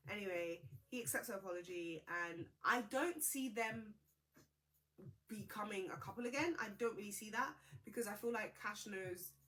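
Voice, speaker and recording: Young woman, gossipy reality-show recap host, crisp bright tone. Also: medium pitch, moderate pace. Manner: chatty, gossipy, expressive.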